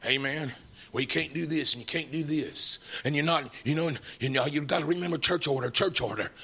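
A middle-aged man preaching a fervent sermon, swinging from shouts to hushed, tender passages. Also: a little high, a little fast, creaky, slightly rough.

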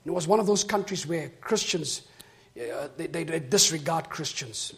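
A man preaching a sermon. He tells a story and then builds to shouted, rhythmic preaching. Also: a little high, expressive, normal speed, creaky.

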